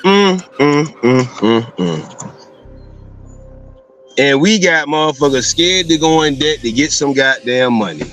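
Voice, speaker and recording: Slangy, lively man with drawn-out hums. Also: medium pitch, faint music behind. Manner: laughs often, slangy, drawn-out hums and emphatic repetition. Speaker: streamer reacting to a video. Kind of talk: casual live-stream commentary.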